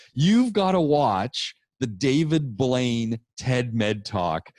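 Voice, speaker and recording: A man co-hosting a podcast, telling a rambling, animated story about his public speaking class in a casual chat. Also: medium pitch, dry recording, clean studio sound.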